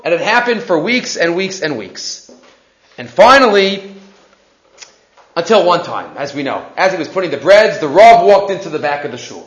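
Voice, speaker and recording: A man delivers a storytelling sermon with a high, very lively voice, acting out each character. The recording is roomy and echoey, with a dull, muffled sound. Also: normal speed. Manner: animated storyteller, acts out characters. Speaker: rabbi or teacher giving a sermon.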